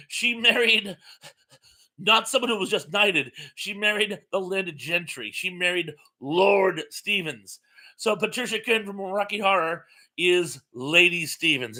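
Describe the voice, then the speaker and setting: A man's voice: on the high side, sharp tone. A man from Massachusetts hosting a casual live-stream chat, reading out viewer comments and telling anecdotes in a chatty, chuckling way.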